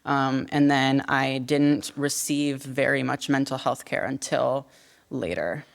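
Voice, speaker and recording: A woman in her twenties giving formal testimony at a hearing, earnest and measured, then answering questions with some hesitation. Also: very deep voice, steady tone, vocal fry. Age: 20s. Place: legislative hearing room. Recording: long reverb of a hearing room.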